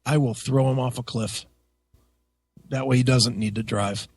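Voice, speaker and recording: A man hosting a radio talk show, telling a story in a casual, profane and animated way. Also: mid-range voice, moderate pace, vocal fry, dry recording. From United States. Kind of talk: casual chat.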